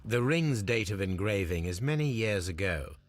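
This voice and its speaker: A calm, sharp-minded detective, acted by a man, questions a suspect in a measured, deductive voice. His pitch sits very low yet moves in wide, lively swings. It is game dialogue, poised and methodical. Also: lightly acted. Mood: probing. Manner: measured, deductive and coolly probing. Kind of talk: video game voice acting.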